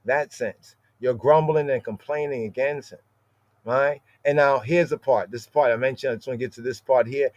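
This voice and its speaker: A man's voice: medium pitch, steady tone, moderate pace, darkish tone. A man teaching a scripture lesson on a podcast, explaining word by word and often checking in with "right?". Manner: explanatory, peppers phrases with "right?". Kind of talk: podcast Bible study lesson. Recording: dull lo-fi dry sound.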